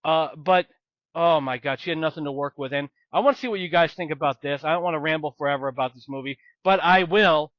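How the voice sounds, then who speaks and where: A podcast co-host rambles through a casual film discussion, emphatic and blunt in his complaints. His voice is on the high side and he talks fast, and the recording is lo-fi with no room sound.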